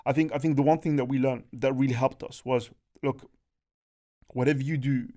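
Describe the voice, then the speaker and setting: A young man tells a story on a podcast. He talks in a lively, casual way, keeps checking that his listeners follow him, and his voice sits at a middle pitch for a man. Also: fairly quick. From Birmingham, England. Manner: animated, chatty, peppers speech with "bro" and "do you know what I mean". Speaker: podcast co-host.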